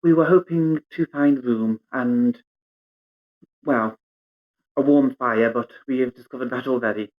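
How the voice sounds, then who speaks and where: A man's voice: medium pitch, measured pace, long pauses, narrow, tinny audio, natural voice. A man voicing a polite, formal female cleric traveller who speaks hesitantly, in a tabletop game.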